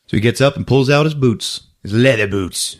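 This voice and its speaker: A man on a podcast retelling a film scene by scene, laughing often and acting out the characters' lines. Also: mid-range voice. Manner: laughs often, acts out movie lines in quick voices. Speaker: podcast co-host recapping a film. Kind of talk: animated casual retelling.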